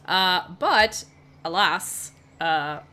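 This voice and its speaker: Bright-voiced woman game master. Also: fairly low pitch, expressive, very slow, clean tone. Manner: rambling, filler-heavy, casual. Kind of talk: narrating a tabletop game.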